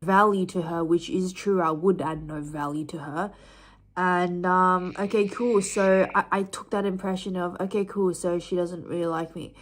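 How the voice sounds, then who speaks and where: A woman's voice: fairly low pitch, fairly even intonation, normal speed. A woman venting to camera in a rambling, swearing way while eating.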